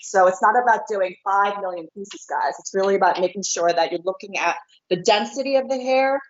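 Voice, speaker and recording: A woman, an American hair colorist, calmly walks through each step of painting hair during a live demonstration. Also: medium pitch, fairly quick. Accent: American, sometimes Northeastern. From born in Korea, raised in New Jersey. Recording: dull lo-fi livestream audio.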